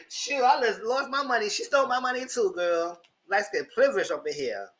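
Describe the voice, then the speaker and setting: Animated sassy man chatting with viewers. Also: very high voice, moderate pace. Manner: animated, sassy, laughs often. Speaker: host. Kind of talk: casual commentary chat.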